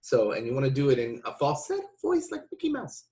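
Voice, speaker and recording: A man's voice: medium pitch, huge pitch swings, fast talker, dark tone. A man giving a casual video lesson, explaining with loose restarts between demonstrations. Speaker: didgeridoo teacher.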